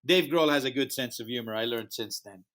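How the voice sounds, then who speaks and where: He speaks briskly with a medium-pitched voice. As a podcast guest and founder of a music festival, this man, whose first language is not English, tells a lively story and acts out the other people's lines.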